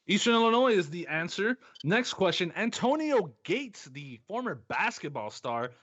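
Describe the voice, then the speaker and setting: A man hosts a casual sports quiz, his slightly high voice bouncing all over the place as he laughs between questions. The recording is a little muffled and lo-fi. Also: moderate pace. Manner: lively, laughs often, reads ads casually. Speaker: podcast host.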